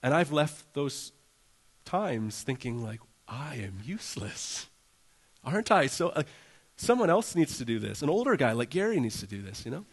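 Male pastor, mid-pitched, earnest and chatty, sermon delivery. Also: sing-song, normal speed. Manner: earnest, casual, says "like" often, acts out prayers in a raised voice. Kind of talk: conversational sermon.

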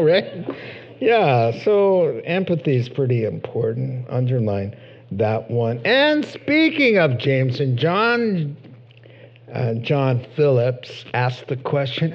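A man preaching a sermon in an animated way, acting out short voices and rising to excited high peaks. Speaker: pastor. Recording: dull lo-fi sound.

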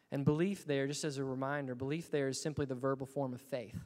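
A man's voice: medium pitch, steady tone, quick pace, few pauses, a little mellow, in a large hall. A man preaching a sermon in a church, earnest and building to emphatic bursts. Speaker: pastor.

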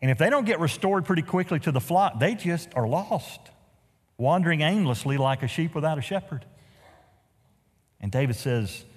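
A man's voice: medium pitch, slightly rough, long reverb tail. A man preaching a sermon as pastor, telling stories with humorous asides. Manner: animated storytelling with humorous asides. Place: church sanctuary.

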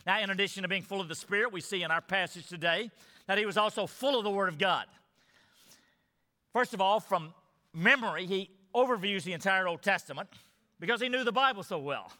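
A man's voice: high-pitched, a little fast, bright, forceful tone, big-room sound. A male pastor preaching a sermon, emphatic, repeating parallel phrases for stress.

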